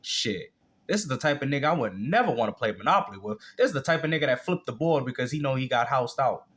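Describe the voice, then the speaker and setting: A man's voice: medium pitch, expressive, fast, a bit bright. A man hosting a reaction video, mocking and cursing in blunt, casual commentary. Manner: blunt, mocking, profane trash talk.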